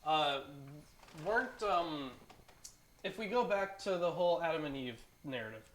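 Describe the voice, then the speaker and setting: Bright, laughing man in casual talk. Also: fairly high pitch, expressive, normal speed, slight background noise. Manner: laughing, hesitant with fillers. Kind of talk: casual discussion.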